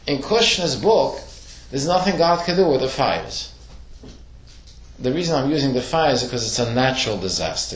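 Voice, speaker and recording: Animated man teaching in an echoey room. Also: mid-range voice. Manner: questioning, animated storytelling with acted quotes. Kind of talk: classroom Torah lesson.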